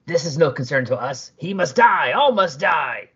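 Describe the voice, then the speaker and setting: A man's voice: a little high, sing-song, fairly bright tone, breathy edge, dull audio, voice pushed up, full character voice. A man doing a cold hungry alien monster. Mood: menacing. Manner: cold, measured menace.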